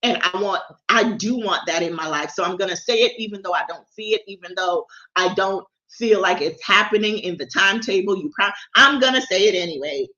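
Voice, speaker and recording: A woman's voice: mid-range voice, fairly quick, few pauses, pushed and bright, lo-fi sound. A woman hosting a casual livestreamed devotional, candid and confiding, often stammering and repeating words. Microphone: camera or phone livestream.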